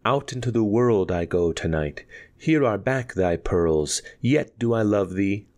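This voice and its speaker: A man's voice: fairly low pitch, expressive, a little slow, a little mellow. A man reading a storybook aloud, voicing a bold, defiant young dancer woman who speaks scornfully and insistently. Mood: tender.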